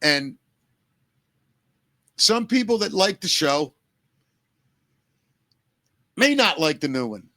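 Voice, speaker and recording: A man co-hosting a podcast, speaking earnestly and emotionally, close to tears, with halting restarts and swearing. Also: on the high side, sing-song, sharp tone, no room sound. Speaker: podcast co-host.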